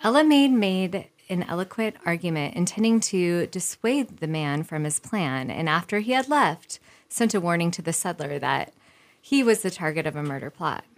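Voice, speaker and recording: A woman co-host reading a history story aloud in a lively way, stopping now and then to joke. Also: on the low side, moderate pace. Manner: lively, breaks off to joke and laugh.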